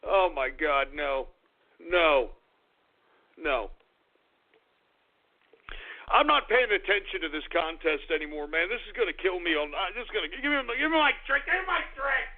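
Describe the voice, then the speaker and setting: A man's voice: on the high side, big pitch swings, moderate pace, long pauses. A man hosting a radio talk show, ranting in an agitated, swearing, stammering way. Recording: tinny phone-like radio audio.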